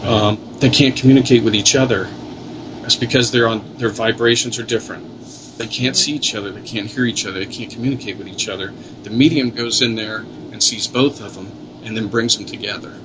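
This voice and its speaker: A man's voice: fairly low pitch, brisk, background noise. A man, a paranormal investigator, telling earnest, rambling stories in a casual interview. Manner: earnest, rambling storyteller with many restarts.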